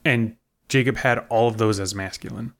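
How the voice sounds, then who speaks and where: A man co-hosting a podcast, explaining a point in casual chat with halting restarts. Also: medium pitch. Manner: explains carefully with hesitant restarts. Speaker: podcast co-host.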